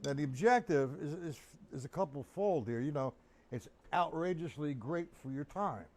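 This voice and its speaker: Against a noisy background of drums and a metronome, a man with a slightly high, animated voice speaks at a moderate pace. He's a drum teacher on a live stream, counting beats out loud and talking casually to his audience, his kit loud behind his voice.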